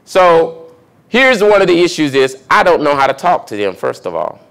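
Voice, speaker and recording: Pastor preaching in a conversational tone. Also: male voice, on the high side, a bit bright. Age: young adult. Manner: conversational preaching, asks the congregation questions. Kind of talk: sermon teaching.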